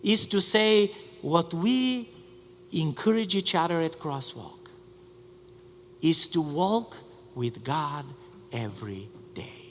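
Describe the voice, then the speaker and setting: High-voiced pastor telling a story. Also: male voice, slow pace, long pauses, big-room sound, a little hiss or hum. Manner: storytelling, animated with many restarts. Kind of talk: sermon. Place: church sanctuary.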